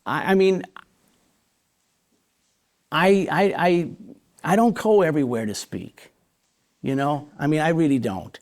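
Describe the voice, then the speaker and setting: A pastor talks in a live on-stage interview, emphatic and full of energy. His voice sits a little high for a man, and he stumbles over repeated words as he pushes his points. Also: unhurried, pauses often, a little mellow. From Chicago area. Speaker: pastor and guest speaker.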